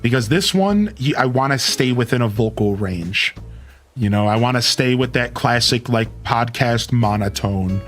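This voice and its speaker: A man's voice: mid-range voice, normal speed. Young male streamer, easygoing chatter with swings in his voice, faint guitar music behind. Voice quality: dynamic voice that peaks and drops. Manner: laid-back, animated, lots of "like" and "dude". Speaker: live streamer. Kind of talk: casual stream chat. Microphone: studio mic with equalizer and cutoff.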